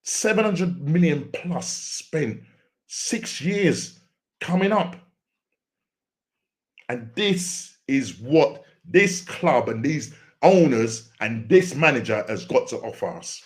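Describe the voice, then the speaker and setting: A man's voice: on the high side, expressive, slow. A man hosting a football fan reaction, ranting with exasperation and often repeating and restarting his words. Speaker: football fan channel host. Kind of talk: post-match fan reaction rant.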